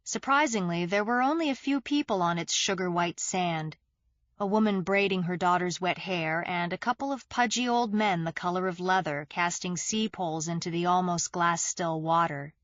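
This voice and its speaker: A woman narrating a mystery thriller audiobook in the first person, with measured, steady storytelling on a close studio mic. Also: on the low side, no echo, muffled recording.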